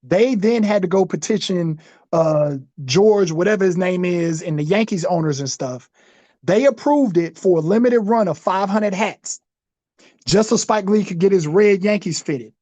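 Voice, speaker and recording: Podcast co-host, male, high-pitched, loose and rambling, muffled dry recording. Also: normal speed, mellow, no room sound. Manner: rambling, full of fillers like "you know what I'm saying". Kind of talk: casual chat.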